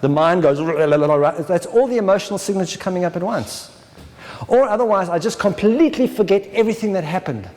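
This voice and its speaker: A man with a somewhat raised pitch leads a spiritual workshop talk, keeps asking his listeners "right?" and slips into brief acted-out inner voices. The recording carries the long, lingering reverb of a large lecture hall. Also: lively intonation, fairly quick, darkish tone. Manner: checks in with listeners with a constant "right?"; acts out inner voices in short dramatized asides. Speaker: workshop presenter.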